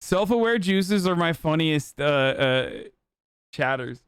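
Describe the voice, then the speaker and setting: A man's voice: on the high side, animated, measured pace, clean tone, no room sound, clean studio sound. A man hosting a live stream, giving casual, blunt, profane commentary and sarcastic reactions to chat. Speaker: livestream host.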